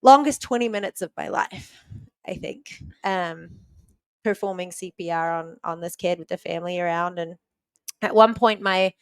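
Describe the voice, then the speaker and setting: A woman's voice: on the low side, normal speed, clean tone, no echo. A woman guest on a podcast vividly retelling a story, with lots of "like" fillers. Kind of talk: conversational storytelling.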